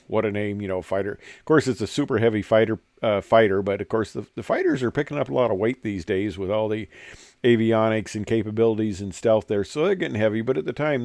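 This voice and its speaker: A man's voice: fairly low pitch, a little mellow, no echo. An older man and former pilot talks casually about old fighter planes, rambling with many "uh"s and restarts. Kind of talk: casual talk over pictures.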